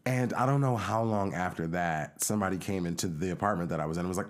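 Low-pitched guy on a podcast telling a drunk story, chatty, acts out the people he quotes. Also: fast, hardly any pauses. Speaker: podcast co-host. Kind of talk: casual storytelling chat.

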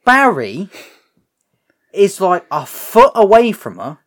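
Animated, expressive guy in casual chat. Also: high-pitched. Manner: swearing, animated, acts out scenes in quick mimicked voices.

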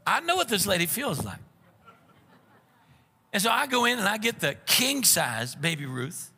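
A man preaching a sermon as pastor, animated and acting out the voices he quotes, heard with long hall reverb. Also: high voice, moderate pace, husky.

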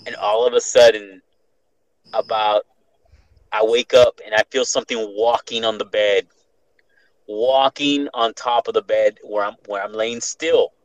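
A man's voice: lowish voice, measured pace, no echo, low-quality recording. A young man hosting a casual podcast, telling a scary story with lots of swearing and restarts. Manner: profane, animated, restarts often.

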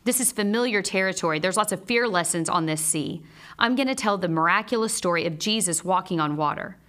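A woman and mother teaching a Bible lesson in a measured, earnest way, mixing scripture with personal stories. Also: fairly low pitch, animated, a bit bright.

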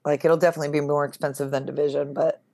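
A woman speaks as a guest in a casual interview. Her voice sits low, and she jokes at her own expense in a playful, easy manner. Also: flat delivery, racing, darkish tone. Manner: playful and self-mocking. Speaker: podcast guest, actress and writer.

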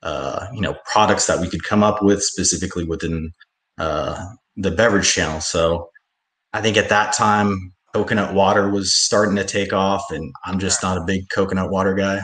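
A man being interviewed as a company founder, halting and full of fillers, speaking over a video call. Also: low voice, fairly even intonation, fairly bright tone, reverberant. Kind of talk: casual interview.

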